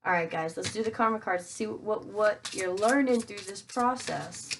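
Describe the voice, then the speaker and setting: A woman with a mid-range voice gives a casual tarot reading at a normal pace, with background noise audible. Chatty and full of fillers, she thinks aloud and talks straight to her viewers, calling them guys.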